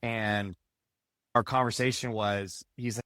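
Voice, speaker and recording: A man's voice: fairly low pitch, normal speed, a bit bright, no echo, clean studio sound. A man guesting on a podcast as a youth baseball coach, talking loosely and leaning on filler words like "like" and "right?". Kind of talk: casual conversational interview.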